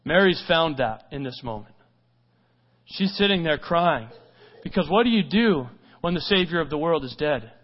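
High-voiced man preaching a sermon. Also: animated, normal speed, dull audio. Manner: swings between loud urgent stretches and hushed quiet ones; asks repeated rhetorical questions. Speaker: pastor.

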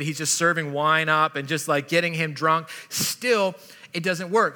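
A man preaching with a bright, forceful edge and a somewhat high voice. He retells the story in a relaxed, chatty way, as if speaking to friends. His words ring out with the long reverb of a big hall. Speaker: pastor. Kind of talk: sermon.

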